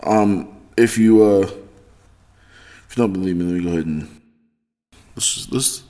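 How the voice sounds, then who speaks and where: A man hosting his own podcast, talking in a rambling, profane monologue that swings between loud excitement and low mutters. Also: a little slow. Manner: rambling, heavy swearing, self-correcting. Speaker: podcast host. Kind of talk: casual solo monologue.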